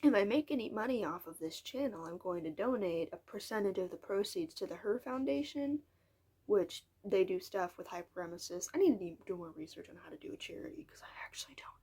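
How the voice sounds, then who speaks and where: A woman's voice: medium pitch, lively intonation, fairly quick, darkish tone, breathy edge. An eighteen-year-old woman talking in a casual vlog monologue, frank and frustrated, rambling and dropping into whispered asides. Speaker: vlogger.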